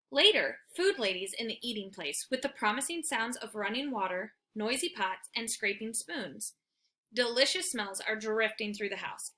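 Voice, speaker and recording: A woman reading a children's book aloud in an expressive, animated way. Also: fairly high pitch. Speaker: read-aloud storyteller.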